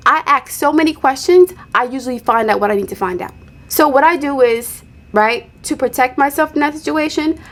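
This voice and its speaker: A woman hosting her own channel, giving blunt, animated commentary on a reality show, with sudden sharp high exclamations.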